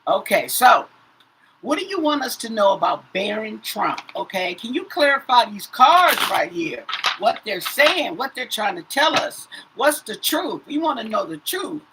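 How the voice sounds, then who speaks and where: A woman's voice: fairly high pitch, sing-song, a little slow, background noise. Chatty woman reading tarot cards. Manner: says "okay?" after nearly every phrase, repeats herself. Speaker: tarot reader. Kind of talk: casual tarot reading to viewers.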